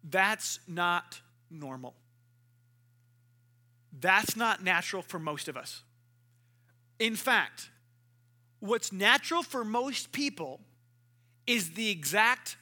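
A male pastor in the middle of a sermon, with a high voice and a very sharp, cutting brightness to his tone. He preaches in a lively, animated way and slips into other people's voices to act out little conversations. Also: slow pace, pauses often.

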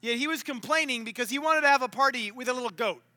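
A man preaching a sermon in a relaxed, conversational way, full of asides and filler words. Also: very high voice, quick pace, no echo. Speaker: pastor. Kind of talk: casual sermon storytelling.

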